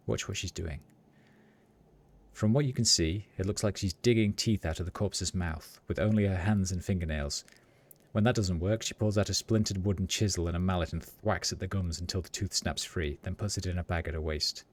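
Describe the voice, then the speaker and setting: A man with a deep voice streams a role-playing game at normal speed, reading its text aloud. He reacts to the descriptions wryly and casually, swearing now and then.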